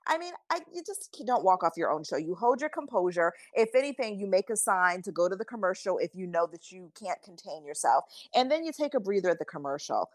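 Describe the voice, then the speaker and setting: A woman's voice: on the low side, big pitch swings, fairly quick, few pauses, no room sound. Indignant woman in casual commentary. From United States. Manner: emphatic, indignant, repeats herself. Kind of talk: casual chat.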